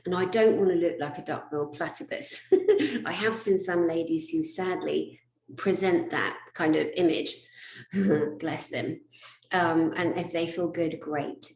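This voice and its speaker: A woman and spiritual therapist telling a humorous personal story, animated, laughing often and swearing casually. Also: lowish voice. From England. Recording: echoey room.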